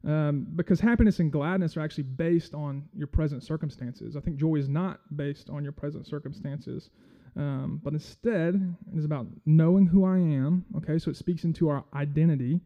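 Male guest preacher, fairly high voice, friendly and halting, on a dull lo-fi recording. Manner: friendly, self-deprecating, halting with many fillers. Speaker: guest church speaker. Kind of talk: casual sermon.

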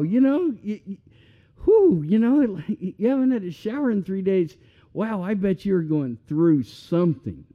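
A man preaching a sermon as pastor, conversational and animated, with self-deprecating humor. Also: high-pitched, muffled recording.

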